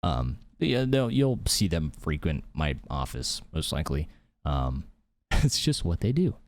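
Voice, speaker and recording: A man's voice: a bass voice, very animated, measured pace. A man hosting his own podcast from a home office, rambling heatedly and swearing a lot. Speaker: podcast host. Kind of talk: casual solo podcast rant.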